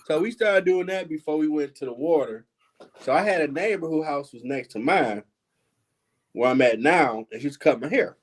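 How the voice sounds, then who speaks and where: Host, man, 40s, high lively voice, animated storyteller who does everyone's voices. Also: normal speed. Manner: animated, laughing, acts out quoted voices. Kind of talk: casual storytelling chat.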